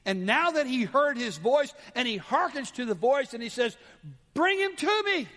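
High-voiced preacher in a reverberant hall. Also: male voice, lively intonation, normal speed. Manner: dramatic, swings from soft low drops to raised exclamations. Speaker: pastor. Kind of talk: sermon.

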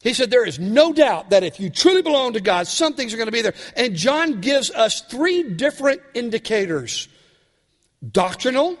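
High-voiced pastor preaching in a hall. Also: male voice, moderate pace. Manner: animated preaching, asks the congregation questions. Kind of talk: sermon. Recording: long hall reverb.

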